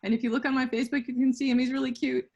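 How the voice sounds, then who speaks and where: A woman with a high voice leads a silly group singalong over a video call. She is playful and keeps coaxing the others to take a turn. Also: flat delivery, rapid-fire, vocal fry, a little mellow, muffled recording, a little hiss or hum.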